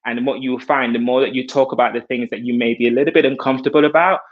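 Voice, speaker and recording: A man's voice: medium pitch, steady tone, rapid-fire, dull audio. A male hairstylist speaking earnestly and reflectively on a video call, sharing his experience as a self-taught artist. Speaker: hairstylist guest. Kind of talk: heartfelt conversational sharing.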